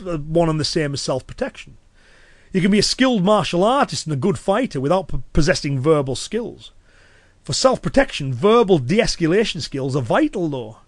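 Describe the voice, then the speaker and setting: A man with a Cumbrian accent hosting a podcast alone, talking in a relaxed, chatty way with lots of fillers. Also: a little high, no echo. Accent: Cumbrian English. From Cumbria, northwest England. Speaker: podcast host and self-protection instructor. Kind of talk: solo podcast talk.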